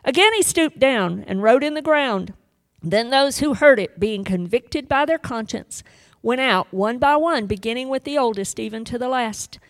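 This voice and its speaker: A woman preaching a sermon with passion, rising to loud pleas and dropping to hushed whispers as she retells a scripture story. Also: on the high side, animated, moderate pace, dry recording.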